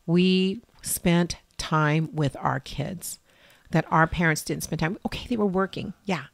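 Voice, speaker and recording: A woman's voice: lowish voice, a little slow, vocal fry, no echo. A middle-aged woman, a mother and interview guest, telling rambling personal stories and acting out what others said. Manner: rambling, acts out quoted people in changed voices. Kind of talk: candid personal storytelling.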